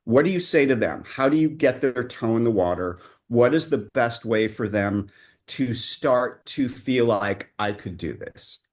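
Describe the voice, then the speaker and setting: A male co-host in casual chat, asking halting questions full of fillers. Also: mid-range voice, expressive.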